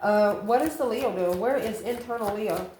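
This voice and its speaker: A woman reads tarot cards in a loose, chatty way, calling the listener honey and laughing between cards. Her medium-pitched voice is darkish and moderately paced, recorded with a roomy echo and faint ambient noise.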